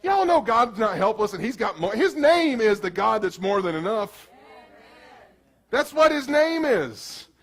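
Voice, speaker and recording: A man preaching a sermon as pastor in a casual, animated way, slipping into quick acted asides. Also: sits high.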